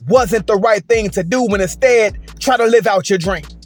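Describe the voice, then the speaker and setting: A man's voice: sits high, normal speed, faint music behind. A man hosting a commentary video, speaking emphatically and checking in with "right?". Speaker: host.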